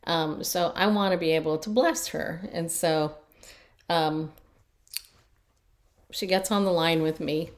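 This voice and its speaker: Middle-aged lady coach just chatting, lowish voice, repeats herself a lot. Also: steady tone, takes it slowly, long pauses. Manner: chatty, repeats words when restarting. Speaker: Christian life coach. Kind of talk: casual storytelling talk.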